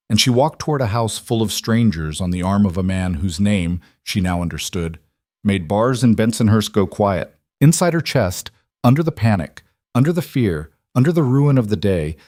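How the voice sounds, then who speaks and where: Low-voiced male story narrator. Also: no echo, clean studio sound. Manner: measured, even storytelling.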